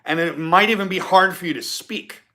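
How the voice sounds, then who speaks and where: A man's voice: high-pitched, normal speed, bright, forceful tone. A man hosting a live-stream podcast, giving an emphatic motivational talk and repeating his key points. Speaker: podcast host.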